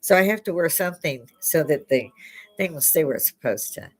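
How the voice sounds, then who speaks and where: Older american lady rambling on a home livestream, low voice, laughs a lot, headphone mic. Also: animated, fairly quick. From United States. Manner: chatty, rambling, laughs often. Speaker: livestream host. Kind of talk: casual chat. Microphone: headphones with clip-on mic.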